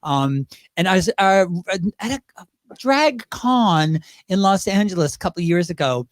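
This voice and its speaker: A man chatting as a guest on a talk show, animated and chatty, with lots of restarts and asides. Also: high voice, normal speed, dry recording, clean studio sound. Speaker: guest, drag performer. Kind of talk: casual interview chat.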